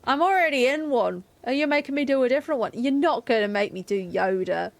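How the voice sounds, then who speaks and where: Woman streamer, chatty and self-mocking, slightly high voice, dry close sound. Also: expressive, brisk, vocal fry, no room sound. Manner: chatty, self-deprecating, laughs often. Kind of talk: live game stream commentary.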